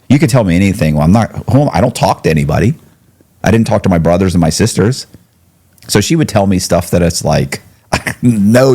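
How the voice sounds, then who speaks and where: A middle-aged man telling a long personal story as a podcast guest, acting out the voices of the people he quotes. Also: sits low. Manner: animated storyteller who acts out quoted voices.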